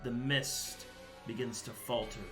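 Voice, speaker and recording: A man narrating a tabletop game as game master, describing the scene slowly and dramatically. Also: mid-range voice, steady tone, over music.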